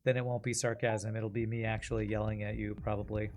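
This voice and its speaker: A man's voice: fairly low pitch, flat delivery, fast talker, a little mellow, a little hiss or hum. A man streaming a game, chatting casually and sarcastically with his viewers while he plays. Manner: sarcastic, joking, talks to chat. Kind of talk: casual gameplay commentary with chat. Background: game music.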